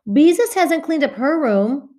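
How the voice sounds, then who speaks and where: A woman voicing a sulky, curious young girl in a storybook reading, with a high, pleading child voice. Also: lively intonation, measured pace, a little mellow, close to an everyday voice. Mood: whiny.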